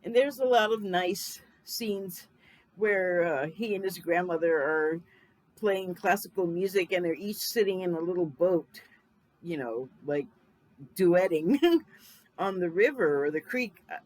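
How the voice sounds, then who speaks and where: A woman's voice: on the low side, a little slow, darkish tone, low-quality recording. A woman in her fifties from Los Angeles, casually reviewing a film in a rambling, chatty way, with frequent small laughs and self-corrections. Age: 50s.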